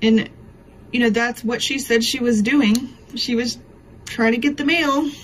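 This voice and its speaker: Casual woman vlogger, slightly high voice, rambling and emotional, faint room noise behind. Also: measured pace, rough recording. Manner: emotional, rambling storytelling with many fillers. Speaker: craft vlogger. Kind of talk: casual chat to camera. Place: home.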